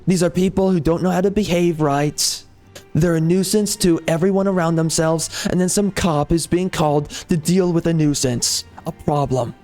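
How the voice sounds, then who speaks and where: A man's voice: on the high side, fairly even intonation, normal speed, darkish tone, faint music behind. A man ranting off the cuff over gameplay, heated and sarcastic, often repeating himself. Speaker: gaming channel host.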